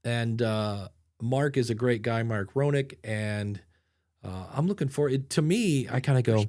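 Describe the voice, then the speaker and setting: A man's voice: medium pitch, lively intonation, unhurried, a little mellow. A man hosting a podcast in casual chat, a chatty storyteller who acts out the people he quotes. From Ohio. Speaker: podcast host.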